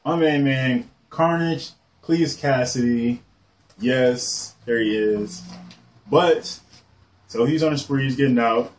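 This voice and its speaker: A man casually showing off his comic collection on camera, rambling excitedly and swearing casually as he goes. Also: medium pitch, slow. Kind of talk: casual show-and-tell.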